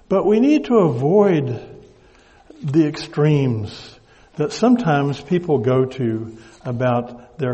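Older Southern man preaching with gravelly voice. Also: a little high, a little mellow, big-room sound. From Southern United States. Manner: halting, deliberate, repeats words while searching for them. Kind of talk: sermon.

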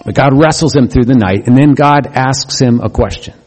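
A man preaching a sermon as a pastor, conversational and humorous, with quick asides. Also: mid-range voice, darkish tone. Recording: echoey hall with long reverb.

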